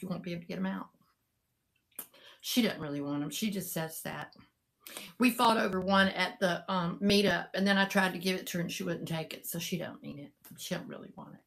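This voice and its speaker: A middle-aged woman, chatting casually and rambling to live viewers, greeting them by name. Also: lowish voice. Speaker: live-sale seller and vlogger.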